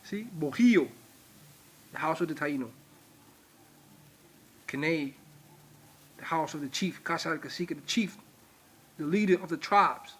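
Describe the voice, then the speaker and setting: A man teaches in a slow, deliberate way, turning to his viewers again and again. His voice sits a little high. He repeats key words for emphasis. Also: a bit bright, breathy edge. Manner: emphatic, repetitive, addresses viewers directly. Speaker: religious teacher. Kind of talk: informal video lecture.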